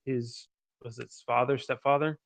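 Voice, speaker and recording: A man's voice: mid-range voice, fairly even intonation, normal speed. A man playing a tabletop game, speaking in character as a boastful folk hero in a jokey way. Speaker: player.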